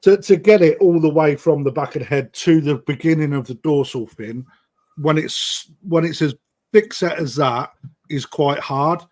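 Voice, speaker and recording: A man's voice: on the high side, normal speed, a little mellow. A middle-aged British man hosting a live-streamed koi auction, chatting matily with viewers and calling out bids and time left. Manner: chatty, matey banter, calls bids and time.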